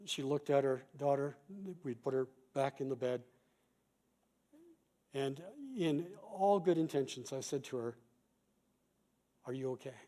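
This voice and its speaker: Calm mellow-voiced male pastor. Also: mid-range voice. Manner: calm, measured teaching with quoted examples. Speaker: pastor and chaplain. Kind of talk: conference talk.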